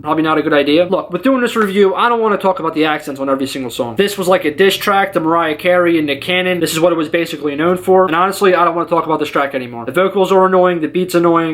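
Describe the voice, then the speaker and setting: A young man talks quickly through a casual album review, his voice sitting fairly high for a man. He sounds exasperated and sarcastic, and he keeps poking fun at the music he is reviewing. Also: a bit bright, a little hiss or hum.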